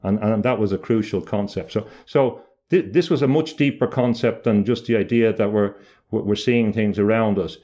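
A man's voice: fairly low pitch, normal speed, dark tone. A middle-aged man speaking about mystical ideas in a thoughtful, lecture-like way, often restarting and repeating words.

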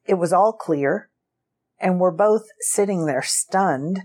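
A woman recounting a personal experience as an interview guest, unhurried and often breaking into a laugh. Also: fairly low pitch, a little mellow.

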